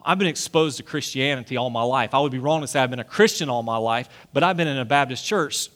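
A man's voice: mid-range voice, fast, a bit bright. A man in his forties preaching a sermon in a church, earnest and pleading, often asking the listeners questions. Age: 40s. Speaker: pastor. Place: church sanctuary.

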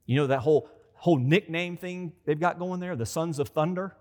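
A man's voice: a little high, a little fast, few pauses, a little mellow. A man preaching a conversational sermon as a pastor. He repeats phrases for emphasis and acts out quoted voices. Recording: long hall reverb.

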